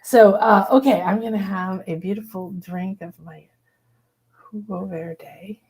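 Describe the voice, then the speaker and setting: A woman hosting a spiritual workshop, talking in a casual, enthusiastic, expressive way and acting out little voices as she teaches. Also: medium pitch, a little slow, breathy edge. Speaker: host leading a spiritual workshop.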